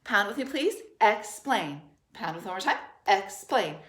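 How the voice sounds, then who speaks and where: A woman teacher leading a third grade spelling dictation, speaking slowly and sounding out each syllable and letter with care. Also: a little high, big pitch swings, bright, forceful tone. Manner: slow, clearly enunciated, sounding out letters and syllables. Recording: roomy echo.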